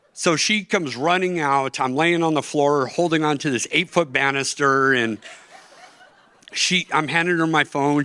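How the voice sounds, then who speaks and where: A man's voice: on the high side, sharp tone, dry recording. A middle-aged man giving an emotional personal testimony as an interview guest, earnest and plainspoken. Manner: earnest, tearful at moments, plainspoken storytelling. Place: conference stage.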